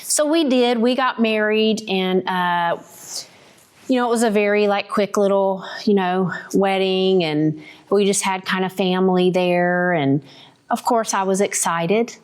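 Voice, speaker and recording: A woman hosting a podcast, giving a candid, reflective faith testimony and often checking in with the listener with a quick "right?". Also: mid-range voice, smooth. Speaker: podcast host.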